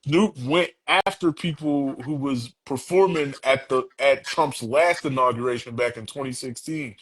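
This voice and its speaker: A man talking casually on a podcast, animated and talking in long runs with quick asides. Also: medium pitch, slight background noise, low-quality recording. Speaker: podcast guest.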